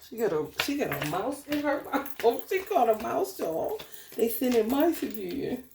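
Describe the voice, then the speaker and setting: A woman speaking, ranting in a casual spiritual vlog. Her voice sits a little high and comes back off the walls of an echoey room, and she talks profanely with sudden bursts of animation. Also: a little slow, gravelly, background noise. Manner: profane, animated, laughing outbursts. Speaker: spiritual tarot reader.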